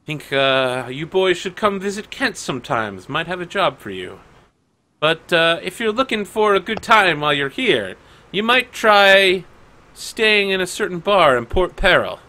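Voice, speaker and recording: A man's voice: sits high, big pitch swings, measured pace, bright, forceful tone, pitched above the performer's own voice, exaggerated voice. A man playing a swaggering pirate admiral woman. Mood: flirtatious. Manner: brash, teasing.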